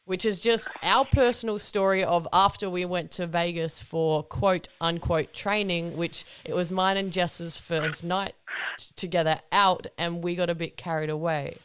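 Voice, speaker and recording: A woman's voice: on the low side, steady tone, moderate pace, fairly bright tone, clean tone. A young woman hosting a podcast, telling a story in casual chat with lots of laughs and swearing. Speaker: podcast host.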